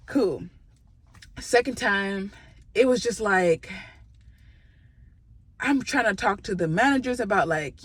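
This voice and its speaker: A young woman vlogger telling a storytime, animated and swearing freely, acting out quotes from her coworker. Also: on the high side, breathy edge. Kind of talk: storytime vlog, casual venting.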